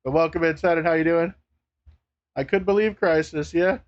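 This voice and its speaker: Excitable high-voiced male streamer. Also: normal speed, highs cut off. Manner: laughs often, swears, excitable. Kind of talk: casual live-stream chat.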